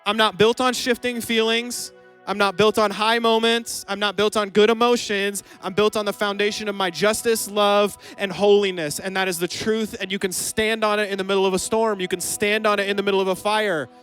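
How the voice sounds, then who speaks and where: A man preaching a lively youth sermon in a church hall, joking with the audience and acting out both sides of a scene. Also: high voice, a little fast, clean tone, faint music behind. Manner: playful, jokes with the crowd, acts out both sides of a scene. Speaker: youth pastor.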